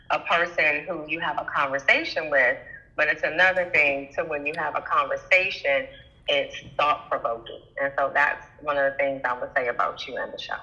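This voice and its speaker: A woman with a bright, fairly low voice calls in to a talk show. She speaks thoughtfully in short, searching phrases, and her voice comes through a muffled phone line. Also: steady tone, normal speed. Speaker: caller. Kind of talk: casual call-in conversation.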